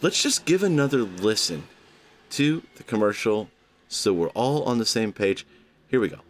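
Male podcast host, low register and very expressive pitch; playful, casual, drawn-out emphasis. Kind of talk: casual comedic podcast talk.

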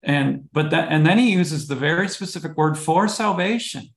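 A man's voice: a little high, normal speed, echoey room. A man, a pastor co-hosting a podcast, explaining a bible passage earnestly and stumbling over repeated words. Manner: earnest, explanatory, with frequent restarts. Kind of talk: bible study conversation.

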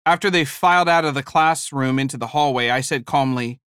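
A man preaching a sermon, telling a story from his teaching days with animated, humorous delivery. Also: medium pitch, brisk, few pauses, smooth, no room sound, studio quality. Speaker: preacher and former high school teacher.

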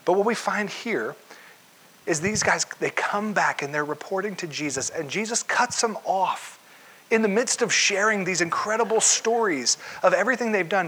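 A man preaching a conversational sermon, acting out quoted voices and dropping to a hush for gentle lines. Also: high-pitched, moderate pace, breathy edge. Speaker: pastor.

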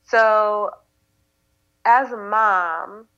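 A woman's voice: medium pitch, extremely slow, bright, forceful tone. Bubbly chatty young woman guest. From Midwest United States. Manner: bubbly, chatty, with fillers and laughs. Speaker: podcast guest. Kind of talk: casual interview chat. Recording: slightly dull lo-fi audio.

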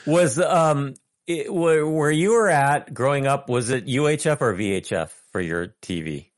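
A man who is a guest on a podcast, speaking in relaxed, matter-of-fact casual chat. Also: medium pitch, unhurried.

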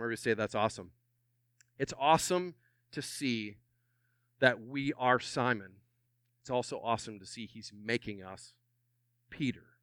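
A middle-aged pastor preaches with animated energy, calling on his congregation to answer back. His voice is bright and crisp, recorded close and dry. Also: mid-range voice, dry recording. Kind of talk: sermon.

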